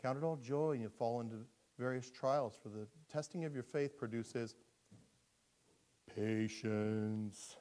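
A man preaching a sermon in a conversational, humorous style, animated and quick to laugh at himself. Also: mid-range voice.

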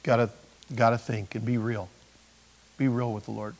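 A man's voice: mid-range voice, level tone, moderate pace, long pauses, a little mellow, rough recording. A middle-aged male pastor preaching a conversational sermon, full of rhetorical questions and humor.

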